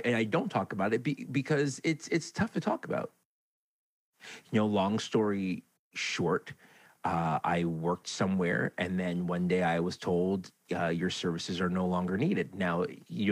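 A man's voice: low voice, dry recording. A man hosting a podcast, telling a candid, rambling, self-deprecating story about his life, recorded in his home basement. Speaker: podcast host. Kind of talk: personal storytelling monologue.

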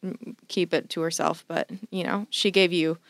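A woman's voice: fairly low pitch, fairly even intonation, normal speed, gravelly, no echo. A young woman hosting a podcast, giving frank, chatty advice in casual talk. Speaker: podcast host. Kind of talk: casual chat.

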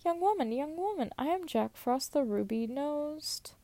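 A woman's voice: high-pitched, lively intonation, measured pace, warm tone, no room sound, voice pushed up. A woman voicing a prancing, showy male winter spirit in a singsong voice, in a read-aloud folk tale.

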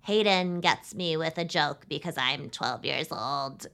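A woman doing an impression of a ditzy young woman, with a low, drawling, breathy delivery. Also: unhurried, a bit bright. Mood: deadpan.

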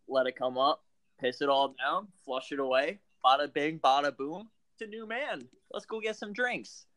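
A man's voice: a little high, a bit bright, no echo. Rambling, profane man in close, dry podcast chat. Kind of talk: casual chat.

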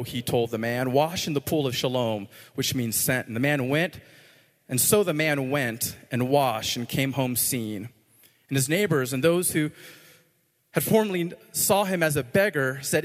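Pastor preaching in a reverberant church hall. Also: male voice, mid-range voice, animated, normal speed. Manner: playful, joking asides then earnest prayer. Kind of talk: sermon.

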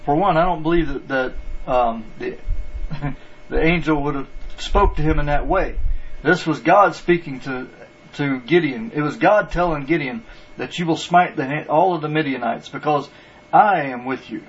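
A man's voice: fairly high pitch, moderate pace, husky, lo-fi sound. A man preaching a sermon in an earnest, repetitive way, restarting phrases for emphasis.

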